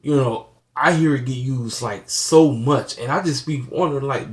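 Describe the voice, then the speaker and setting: Guy talking to his channel, earnest and kinda preachy, keeps saying you know, mid pitch voice. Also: moderate pace. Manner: plain-spoken, preachy. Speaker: channel host. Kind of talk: casual talk to camera.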